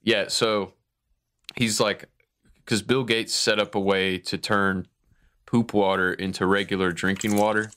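A man's voice: fairly low pitch, level tone, measured pace, pushed and bright, clear, resonant tone. A young man hosting a podcast, telling a crude bathroom story casually, laughing and saying "like" a lot. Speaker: podcast host. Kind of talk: casual chat.

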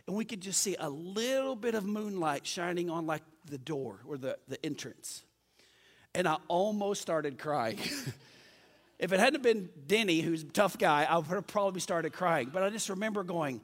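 A man preaching a sermon, telling a story in a lively, self-mocking way. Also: high voice, normal speed, long reverb tail.

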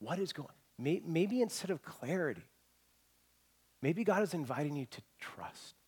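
A middle-aged man preaching from the pulpit with earnest, animated energy. His voice sits at an ordinary pitch, and he often stumbles and restarts phrases as he presses his point. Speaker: pastor. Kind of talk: sermon.

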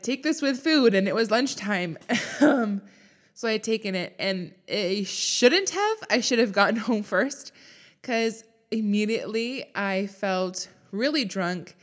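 Young woman on a podcast telling her own story, open and emotional, laughs now and then, mid-pitched. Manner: candid, emotional, with laughs and quick asides. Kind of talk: personal storytelling.

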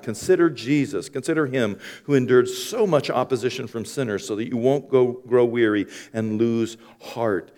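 Guy preaching on stage, gets loud and high when he's fired up then goes soft, big echoey church hall. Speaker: pastor. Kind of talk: Easter sermon. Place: church stage with long reverb.

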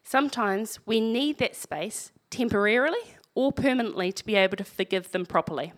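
A woman's voice: fairly high pitch, expressive, brisk. A woman preaching a sermon, reading scripture aloud and breaking in with wry, conversational asides.

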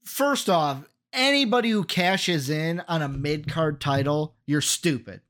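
A man's voice: a little high, unhurried, a bit bright. Matter-of-fact man co-hosting a podcast. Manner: lists facts matter-of-factly, blunt opinions. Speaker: podcast co-host. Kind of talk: casual chat.

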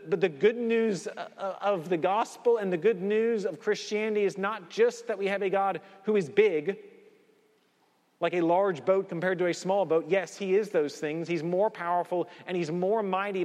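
A male pastor delivers an earnest sermon in a fairly high voice. He slows and drops low on the phrases he wants to land. His voice rings out with a long reverb, as in a large church. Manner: earnest, slowing and dropping low on key phrases.

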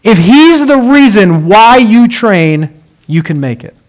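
A preacher delivering a sermon in a fairly high male voice. He tells stories in a conversational way and then swells into emphatic, rallying lines. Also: big pitch swings, slow pace.

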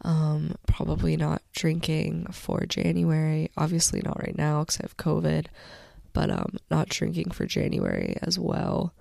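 Woman, young adult, podcast host, sick worn voice, very gravelly, dry close mic, gentle slow chat. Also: low-pitched, very animated, no room sound. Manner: slow, gentle, reflective, with many fillers. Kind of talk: casual solo podcast talk.

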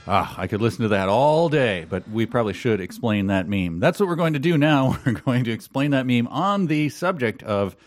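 A man's voice: mid-range voice, animated, normal speed, few pauses, soft background music. A man co-hosting a podcast in casual chat, wry and often laughing. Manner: wry, laughing, sarcastic asides. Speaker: podcast co-host.

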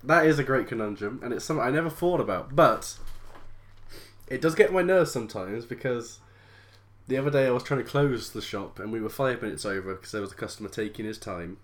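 Very low-voiced English woman chatting. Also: brisk. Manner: laughing, storytelling with quoted dialogue. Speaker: podcast co-host, shop worker. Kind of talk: casual chat.

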